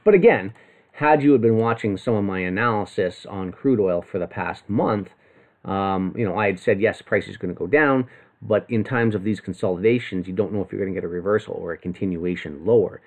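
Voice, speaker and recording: A man's voice: on the low side, brisk. A man giving live market commentary to viewers in a loose, rambling way, full of fillers and restarts. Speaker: trading analyst.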